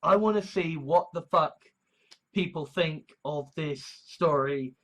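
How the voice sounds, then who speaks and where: A man's voice: on the high side, takes it slowly, a bit bright. Young man, video monologue, rambling and sweary, bursts of exasperation. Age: young adult. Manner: rambling, frequent swearing, sudden exasperated outbursts. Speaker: video essayist. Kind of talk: casual monologue.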